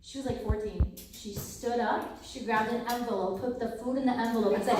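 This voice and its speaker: A woman with a high voice tells stories with a lot of life, acting out the people in them and laughing along the way. The sound comes from well off the mic in a heavily echoing hall. There is a faint hiss behind her. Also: fairly quick. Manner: animated, acts out quoted people, laughs often. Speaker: speaker at a campus ministry talk. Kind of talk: lively storytelling talk. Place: hall at a university ministry center. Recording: very echoey hall, mic far off.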